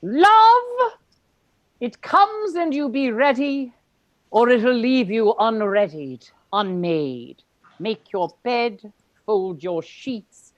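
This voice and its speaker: A woman's voice: mid-range voice, dry recording, dull audio. Woman doing a teasing poet guy. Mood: joyful. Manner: teasing, slow rhymed banter. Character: playful British young man, punning poet. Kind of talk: live play reading. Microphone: video call.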